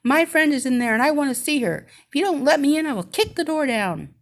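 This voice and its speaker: A woman reading a story and voicing a frantic adult woman friend who shouts and threatens to get into a hospital. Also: sits high, takes it slowly, pitched above the performer's own voice. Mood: furious.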